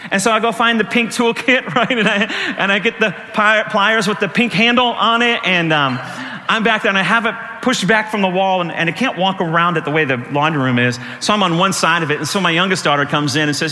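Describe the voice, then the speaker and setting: Animated man preaching in a hall. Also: quick pace, slight background noise. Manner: animated storytelling, jumps high when acting out panic; laughs through his stories. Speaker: pastor. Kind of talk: sermon. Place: church.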